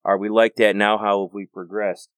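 A middle-aged American man with a low voice talks in an earnest, rambling monologue and often restarts his sentences. The sound is dry and close, with no room around it. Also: little pitch movement, moderate pace, no echo. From United States. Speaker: host. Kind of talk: casual monologue.

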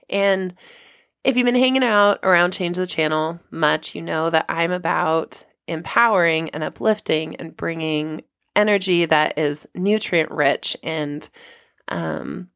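A woman hosts her own podcast and tells a personal story in a chatty monologue. Her voice sits low with a gravelly fry. She leaps up in pitch to act out the people she quotes, and the sound is close and dry. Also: measured pace, no room sound. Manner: animated, acts out quoted people with big pitch jumps. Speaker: podcast host.

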